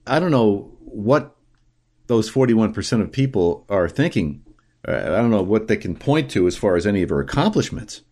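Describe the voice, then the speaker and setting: A man hosting solo political commentary, opinionated and halting, with frequent fillers and restarts. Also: mid-range voice, a little mellow.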